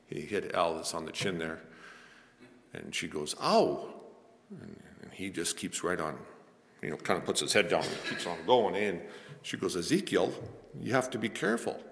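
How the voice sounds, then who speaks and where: An older man preaching a sermon, telling stories in a soft, earnest way. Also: low-pitched. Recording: long hall reverb.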